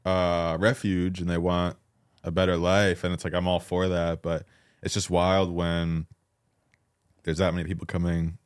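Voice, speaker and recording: A man co-hosting a podcast in casual chat, hedging and halting, filling his talk with "like". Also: low-pitched, level tone, clear, resonant tone, no echo, studio quality. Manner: hedging, halting, heavy use of "like". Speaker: podcast co-host.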